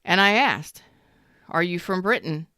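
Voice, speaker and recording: A woman, a tarot reader and love coach, chatting casually and bluntly on a livestream with animated storytelling. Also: fairly low pitch, a little slow, no room sound, clean studio sound.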